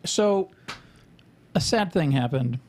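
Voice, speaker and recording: A man's voice: fairly high pitch, animated, slow pace, darkish tone, a little hiss or hum. A man co-hosting a podcast, chatting casually in a rambling, profane, joking way. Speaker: podcast co-host.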